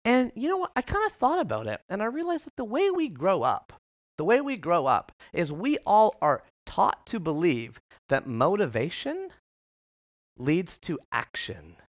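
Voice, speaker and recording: A man giving a live keynote to an office audience, telling a story in an animated, conversational way with many filler "like"s. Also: high-pitched, normal speed, no room sound, clean studio sound. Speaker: keynote speaker. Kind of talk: motivational storytelling talk.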